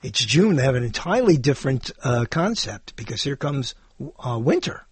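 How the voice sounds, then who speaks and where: A man's voice: mid-range voice, sing-song, normal speed, breathy edge, dry recording. A man hosting his own show, rambling playfully and amusing himself as he talks. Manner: playful, meandering, self-amused with frequent laughs. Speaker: podcast host. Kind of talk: rambling solo monologue.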